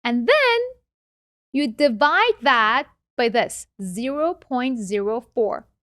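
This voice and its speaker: A woman guest with a non-native English accent, explaining investing in a casual interview with animated, quick asides. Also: a little high, dry recording, clean studio sound.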